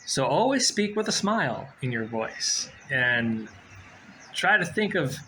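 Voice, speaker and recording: A man in his forties talking casually to camera, giving job-hunting advice in a rambling, low-key way with frequent fillers and restarts. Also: very animated, unhurried, bright, forceful tone, slight background noise, rough recording. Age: 40s.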